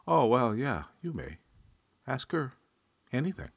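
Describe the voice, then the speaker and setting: A man's voice: mid-range voice, big pitch swings, unhurried, vocal fry, breathy edge, no echo, voice pushed up, full character voice. A man voicing Mephistopheles, a sly, playful devil who teases in sing-song rhymes for a storybook reading. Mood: teasing sing-song.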